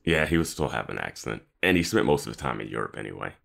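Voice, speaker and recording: Very deep, gravelly man, dry and sarcastic. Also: very animated, quick pace, fairly bright tone. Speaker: podcast co-host. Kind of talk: casual chat.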